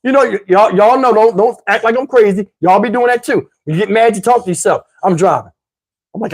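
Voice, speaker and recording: A man doing stand-up storytelling, animated and addressing the audience. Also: high-pitched, fairly quick. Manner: animated, talks to the audience, mimics voices. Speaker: comedian telling a story.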